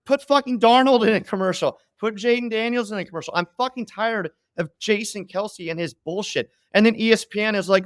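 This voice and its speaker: A man's voice: sits high, brisk, few pauses, no echo, studio quality. A man who co-hosts a sports podcast and delivers heated, profane rants. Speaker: co-host, sports bettor.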